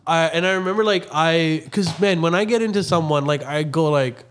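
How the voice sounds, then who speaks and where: A man's voice: fairly high pitch, a little fast, fairly bright tone, a little hiss or hum. A man in casual podcast chat, telling a story in a rambling, hesitant way.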